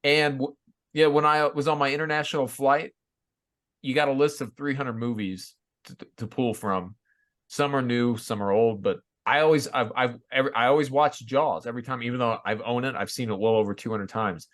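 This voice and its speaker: A man's voice: medium pitch, a little fast, a bit bright. Wry, joking man in casual chat. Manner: wry, joking, repeats words. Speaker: podcast co-host.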